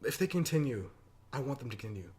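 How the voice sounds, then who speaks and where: A man's voice: mid-range voice, big pitch swings, quick pace, darkish tone. Rambling young man on a podcast. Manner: rambling, many restarts and fillers, drifts into put-on accents. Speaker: podcast co-host. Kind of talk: casual chat. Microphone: desktop USB mic.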